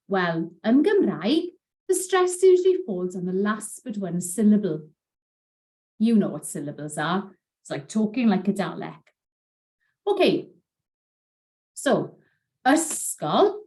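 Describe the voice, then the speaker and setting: A woman teaches pronunciation, saying each word slowly and clearly so learners can repeat it. Her voice is mellow and rises and falls a lot, and she takes an unhurried pace. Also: medium pitch, very animated. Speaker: Welsh language teacher. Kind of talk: pronunciation lesson.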